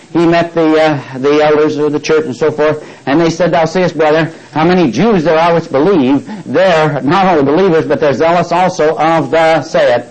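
In a rough recording, a somewhat high-voiced man delivers a sermon built around a scripture story. He plays its speakers himself, invites the congregation to complete his sentences, and frequently starts over.

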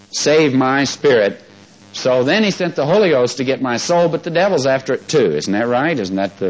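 A man's voice: medium pitch, low-quality recording. Folksy preacher man teaching a congregation. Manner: folksy, asks the congregation questions. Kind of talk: sermon with congregation call-and-response.

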